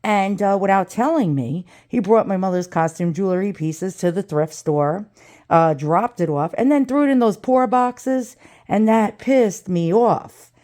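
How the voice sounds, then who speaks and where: A woman's voice: mid-range voice, a little mellow. Blunt, profane middle-aged New woman. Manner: blunt, profane, rambling, quick asides. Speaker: vlogger. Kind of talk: profane ranting vlog chat.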